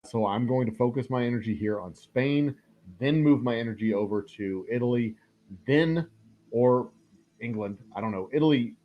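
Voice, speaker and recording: A man's voice: mid-range voice, normal speed, a little hiss or hum. A man hosting a live stream of a strategy game, chatting casually, rambling through jokey asides and the odd swear. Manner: rambling, joking asides, frequent fillers. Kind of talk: casual live gameplay commentary. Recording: dull lo-fi sound.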